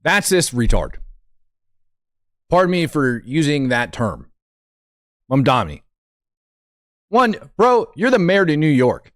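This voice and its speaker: A man's voice: on the high side, dry recording, clean studio sound. A man hosting a political commentary show, talking bluntly and with indignation as he reacts to clips. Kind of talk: opinionated live commentary.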